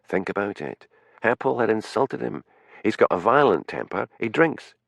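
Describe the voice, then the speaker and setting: A man's voice: on the low side, very animated, normal speed, vocal fry, dry recording, pitched above the performer's own voice, full character voice. A man voicing a blunt, hard-drinking detective in an audiobook, with a sardonic edge.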